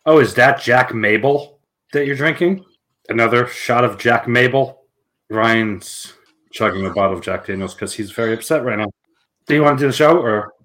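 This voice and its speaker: Male podcast co-host, mid pitch, giggly joker with deadpan asides. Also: moderate pace. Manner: jokey, giggly, self-deprecating. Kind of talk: casual chat.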